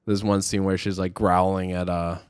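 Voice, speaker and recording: Young male podcast co-host, low-pitched, casual rambling recapper, dry sound. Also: flat delivery, moderate pace, clear, resonant tone, dry recording. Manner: rambling movie recap, lots of fillers. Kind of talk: casual chat.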